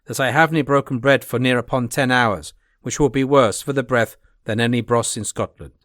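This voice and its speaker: A man reading the part of a proud, quarrelsome Highland man who is a skilled piper, in an audiobook. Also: moderate pace, a bit bright, no room sound, clean studio sound, lightly acted. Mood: stiff. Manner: boastful, touchy.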